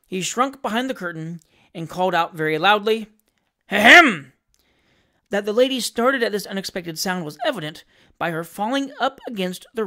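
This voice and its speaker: Woman narrating an old novel, lowish voice, steady expressive reading. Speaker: audiobook narrator. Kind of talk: reading a classic novel aloud.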